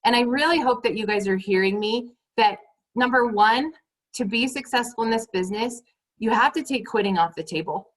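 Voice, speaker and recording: A woman's voice: fairly high pitch, moderate pace, poor audio. A woman leading her sales team on a motivational call. She talks emphatically, repeats her points and keeps turning to the listeners as "you guys".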